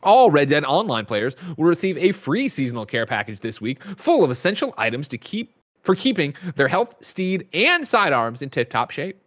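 A man runs a casual games news show, his fairly high voice leaping all over the place. He rattles through lists of releases and drops quick asides along the way. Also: big pitch swings, fairly bright tone. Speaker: host.

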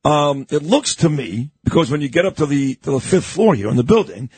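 A middle-aged male radio host with a husky, fairly high voice whose pitch moves up and down a lot. He's chatty and conversational and steers his guest with easy questions. The studio sound is dry and close. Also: animated, fairly quick, darkish tone, dry recording. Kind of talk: casual studio interview.

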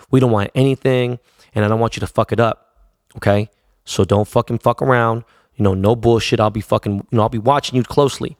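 A man tells stories from his DJ days in loose, profane street slang. His voice sits low with a gravelly rasp, and the recording is dry and close. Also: dry recording. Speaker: DJ telling stories. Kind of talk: casual storytelling.

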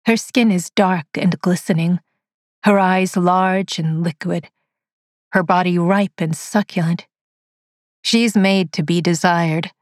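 A woman narrating a dark science-fiction story in a slow, measured, dramatic reading. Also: on the low side, steady tone, no echo, clean studio sound. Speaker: audiobook narrator.

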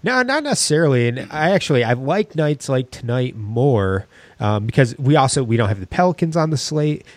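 A man's voice: mid-range voice, very animated, fairly quick, no echo. A man co-hosting a casual sports podcast, talking in a rambling way with many restarts. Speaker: podcast co-host.

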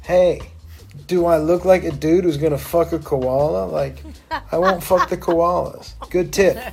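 A man's voice: fairly high pitch, steady tone, measured pace, vocal fry, music in the background. A man in a stoned state, rambling through a profane, tangent-filled commentary.

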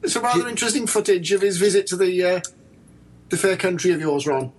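High-voiced man chatting as guest. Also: lively intonation, fairly quick, slightly rough. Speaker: podcast guest. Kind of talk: casual banter.

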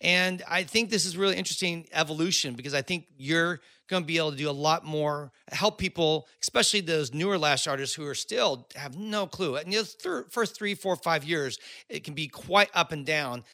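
Bright-voiced upbeat man, dry close sound. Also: a little high, normal speed, hardly any pauses, no echo. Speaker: podcast host. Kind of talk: casual interview chat.

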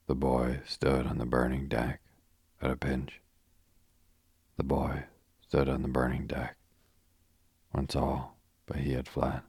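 A man's voice: extremely low pitch, creaky, a little mellow, husky, no room sound, exaggerated voice. A man voicing a flippant young adventurer who jokes dryly while guiding a tour. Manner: flippant, dry joking.

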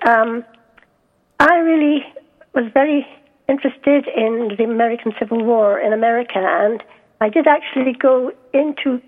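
Scottish woman author, hesitant phone guest, fairly high voice, thin line. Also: narrow, tinny audio. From Scotland. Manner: hesitant, many ums and restarts. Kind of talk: interview over the phone.

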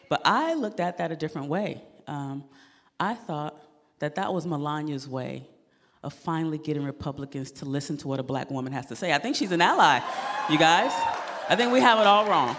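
A woman comedian performing a stand-up set, animated and laughing at her own jokes, on a club stage mic. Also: deep voice, moderate pace, long reverb tail.

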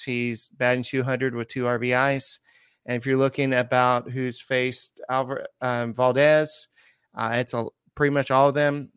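A man hosting a sports podcast, chatting casually and halting often with fillers. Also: medium pitch, a bit bright, clear, resonant tone, no echo. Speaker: podcast host.

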